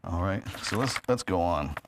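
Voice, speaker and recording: A man's voice: sits low, expressive, moderate pace, noisy background. A man from New York with a New York accent, giving a casual talk to a live audience at a meeting hall, chatty and full of fillers. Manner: chatty, many fillers, laughs at own jokes. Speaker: guest speaker. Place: meeting hall of a spiritist center. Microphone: handheld or stand microphone.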